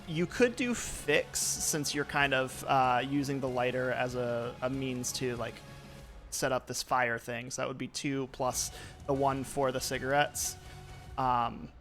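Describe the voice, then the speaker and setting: Casting: easygoing young game master, rambling with ums and likes, mid pitch, faint music behind. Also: male voice, fairly bright tone. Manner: loose, lots of um and like fillers. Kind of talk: narrating a tabletop game.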